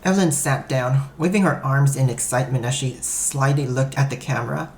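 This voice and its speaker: A man's voice: mid-range voice, brisk, vocal fry. Man, first-person story narrator, matter-of-fact, echoey room. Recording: roomy echo.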